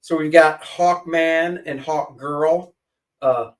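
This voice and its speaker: A man's voice: on the high side, slow pace, recorded from a distance, poor audio. A man co-hosting a casual chat show, rambling and joking as he pages through comics. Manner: jokey, rambling, flips voices for quotes. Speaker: co-host.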